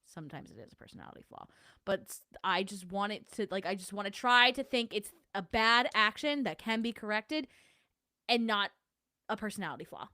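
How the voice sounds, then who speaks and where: A woman's voice: mid-range voice, normal speed, sharp tone, no echo, studio quality. A young adult woman hosting a casual livestream, chatting and answering her chat in a self-deprecating way. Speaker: livestream host.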